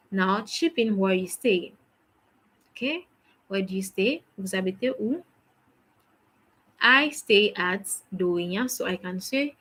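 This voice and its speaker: A woman's voice: medium pitch, fairly bright tone, rough recording. A woman teaching a French lesson, patiently drilling phrases and praising each answer. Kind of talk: language lesson.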